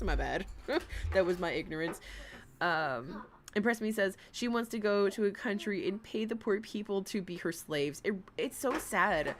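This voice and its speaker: A woman's voice: mid-range voice, a little hiss or hum. Blunt profane woman streamer. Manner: blunt, profane, animated commentary. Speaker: livestream reaction host. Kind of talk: casual reaction livestream chat.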